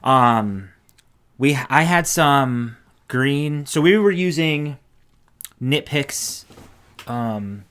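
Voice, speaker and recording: A man's voice: medium pitch, drawn-out words, pauses often, smooth. Chatty male podcast co-host. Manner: relaxed, chatty, trails off and restarts. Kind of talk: casual chat.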